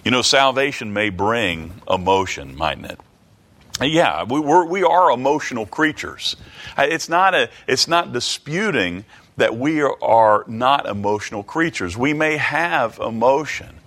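A man preaching a Bible study sermon, halting and restarting, reading scripture aloud and asking the listeners many rhetorical questions. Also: medium pitch, expressive, fairly bright tone. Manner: reads King James scripture aloud.

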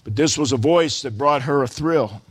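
A man preaching a sermon, quoting scripture slowly and building to loud, stretched-out exclamations. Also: medium pitch, breathy edge. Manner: slow, deliberate preaching with quoted scripture.

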